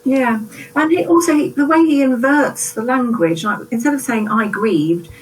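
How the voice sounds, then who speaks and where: A woman's voice: sits high, moderate pace, distant mic, a little hiss or hum, poor audio. Woman discussing a poem, a bit off-mic. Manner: thoughtful, reflective, asks tag questions. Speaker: teacher. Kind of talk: poetry analysis discussion.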